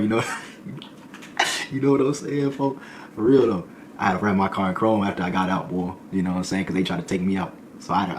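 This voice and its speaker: A man with a low voice rattles through a story at a quick clip. He talks in loose, slangy bursts and sometimes jumps into other people's voices. A faint background hum sits under the recording. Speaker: streamer telling a story. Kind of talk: casual storytelling.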